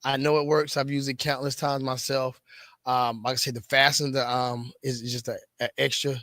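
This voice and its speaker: A man's voice: mid-range voice, flat delivery, moderate pace, bright, forceful tone, dry recording, clean studio sound. A middle-aged man coaching fitness, talking casually to the camera, often repeating words and restarting lines. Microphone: camera mic.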